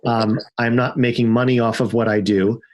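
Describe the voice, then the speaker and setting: A middle-aged man, a podcast guest, telling a story in a casual, animated way and acting out the quotes in it. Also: mid-range voice, moderate pace. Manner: animated, acts out shouted quotes in his stories. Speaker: podcast guest, car owner.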